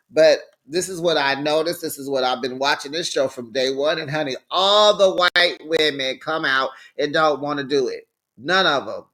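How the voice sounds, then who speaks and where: A man's voice: on the high side, a bit bright. A man hosting a casual reality TV recap. He talks in a sassy, chatty way, laughs often and calls his listeners child and honey.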